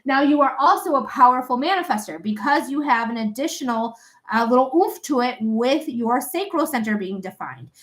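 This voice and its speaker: High-pitched young woman, chatty and blunt, cusses casually while giving a reading. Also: lively intonation, moderate pace. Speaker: psychic reader. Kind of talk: live stream reading.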